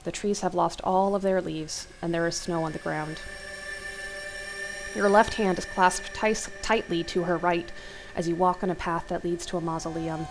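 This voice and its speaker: A woman's voice: on the low side, steady tone, normal speed, music in the background, low-quality recording. A young woman hosting a let's play, reading an interactive horror novel aloud into a desk mic, breaking her dramatic reading with startled gasps and comments. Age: young adult.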